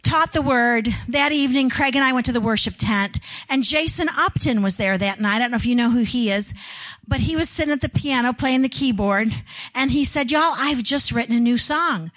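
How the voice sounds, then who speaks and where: A woman's voice: a little high, a little fast, a bit bright. A middle-aged woman giving an earnest testimony sermon to a women's gathering, telling family stories and leading prayer. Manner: earnest storytelling, voices family members in quotes. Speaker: women's event speaker.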